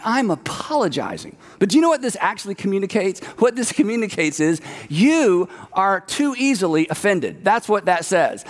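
A man with a high voice preaches a sermon, animated and conversational, slipping into the voices of the people he describes. His words ring out with a long echo, like a big hall. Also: normal speed, few pauses. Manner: animated, acts out quoted voices. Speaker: pastor.

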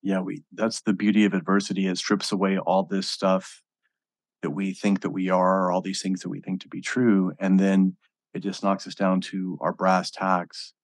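A man hosting a podcast interview, speaking in a slow, reflective, steady way. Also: low voice, no echo. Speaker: podcast host. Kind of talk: interview conversation.

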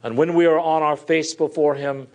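Male preacher, slightly higher voice, earnest verse-by-verse sermon, loud and soft by turns. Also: steady tone, moderate pace, highs cut off. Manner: earnest, shifts between loud emphasis and soft drops. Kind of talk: expository sermon.

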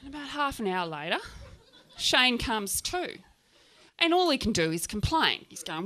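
Speaking at a moderate pace in a voice that sits high, an Australian-accented woman from Tasmania recounts a personal story to an audience. She's blunt and lively, swears freely, and acts out the scenes.

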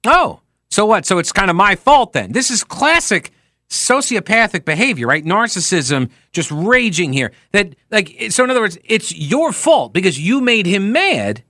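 A male talk radio host delivers sarcastic, mocking commentary into a studio microphone. His voice sits a little high and bright. His pitch swings widely. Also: very animated, normal speed, no echo.

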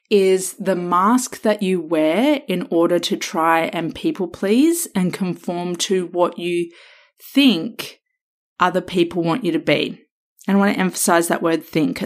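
A woman hosting a self-help podcast, talking straight to the listener in an emphatic, coaching way with drawn-out stresses. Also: medium pitch. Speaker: podcast host and counsellor.

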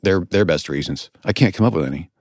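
Low-voiced man, thoughtful interview guest. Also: quick pace, dry recording, studio quality. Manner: thoughtful, self-deprecating, animated explanations. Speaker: radio host and author, here a guest. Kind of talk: conversational interview.

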